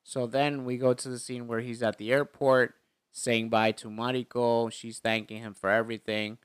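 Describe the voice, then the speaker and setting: A man's voice: medium pitch, little pitch movement, normal speed, clear, resonant tone, dry recording, studio quality. A man casually retelling a film's plot in chat, rambling with plenty of fillers and restarts. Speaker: movie recap co-host.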